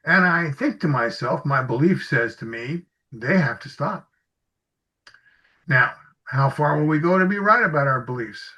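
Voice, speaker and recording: Fairly high-pitched, expressive, and unhurried, his voice has a pushed, bright quality. The man, interviewed as an executive coach, recounts anecdotes in a casual way and acts out snatches of dialogue. The recording is slightly muffled.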